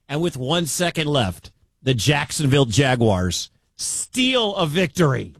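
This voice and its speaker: A man calling a live game for radio from a stadium booth, his voice pitched high for a man. He is excitable and quick to break into shouts when a play lands. The sound is dry and close, with no room around him. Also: dry recording. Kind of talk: live sports commentary.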